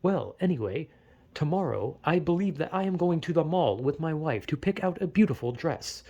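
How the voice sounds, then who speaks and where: A man putting on the voice of a stiff, robotic, overly polite ordinary man who talks in flat, stilted, formal sentences. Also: on the high side, normal speed, lo-fi sound.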